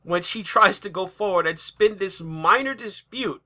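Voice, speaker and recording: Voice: medium pitch, normal speed, sharp tone. A commentary host speaking in a sarcastic, mock-outraged tone over played clips. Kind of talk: satirical commentary.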